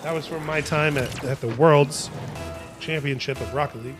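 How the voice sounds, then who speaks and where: A man on a live stream doing esports play-by-play, his voice sitting a bit high and swinging all over the place as he hypes plays and jokes with chat. Faint game music plays underneath. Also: very animated, moderate pace. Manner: hype-driven, playful trash talk, talks to chat. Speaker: tournament host and caster.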